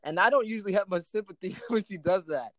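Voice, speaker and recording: A man's voice: high-pitched, fast, no echo. A man hosting a casual chat, telling a personal story with plenty of quoted dialogue.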